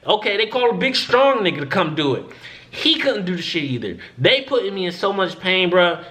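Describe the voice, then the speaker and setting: Animated young man telling a story. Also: high voice, fairly quick. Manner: animated, profane, acts out quoted voices. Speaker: vlogger. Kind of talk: casual storytelling to camera.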